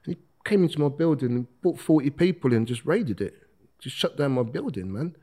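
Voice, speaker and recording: A middle-aged man tells stories from his past in casual, animated speech. He acts out other people's lines and laughs as he talks. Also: a little high, fairly quick. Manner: animated, acts out quotes, laughs while telling. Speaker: guest. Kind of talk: casual storytelling.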